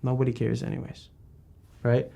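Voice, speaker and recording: A man's voice: medium pitch, monotone, moderate pace, gravelly, warm tone. A man interviewing a guest in a casual talk, rambling and emphatic with many restarts.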